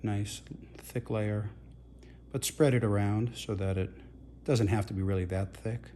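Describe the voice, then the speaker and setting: A man, a facial plastic surgeon, calmly talking viewers through aftercare steps in a reassuring, instructive way. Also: on the low side, a little slow, slight background noise. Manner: calm, reassuring, repeats gentle guidance. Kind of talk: instructional demonstration.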